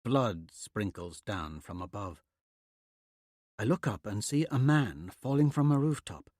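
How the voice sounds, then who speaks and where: A man narrating a fantasy audiobook in a steady, measured way. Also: fairly low pitch, dry recording, clean studio sound. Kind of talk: scripted narration.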